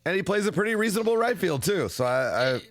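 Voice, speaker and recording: A man's voice: high voice, big pitch swings, fast, a bit bright, no room sound, studio quality. A man co-hosting a sports podcast with his brother, laid-back and often giving short agreeing replies. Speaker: podcast co-host. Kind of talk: casual sports chat.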